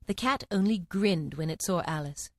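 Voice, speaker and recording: A woman narrating a storybook in an expressive, lively reading. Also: lowish voice, normal speed, no room sound, clean studio sound.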